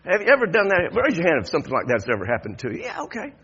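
Husky-voiced preacher, lively and high. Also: male voice, rapid-fire. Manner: conversational, repeats words, chuckles often. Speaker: pastor. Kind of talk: sermon. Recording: dull lo-fi sound.

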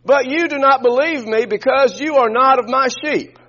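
A male preacher with a very high, husky voice leads his congregation through scripture in call-and-response, speaking at a moderate pace. He shifts between quiet, conversational asides and loud, shouted emphasis. The sermon's recording is muffled and dull.

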